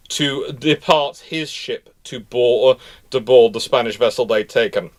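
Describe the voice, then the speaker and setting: A man presenting naval history in an enthusiastic, animated, informal lecture. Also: mid-range voice, a little slow. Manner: enthusiastic, animated storytelling with frequent restarts.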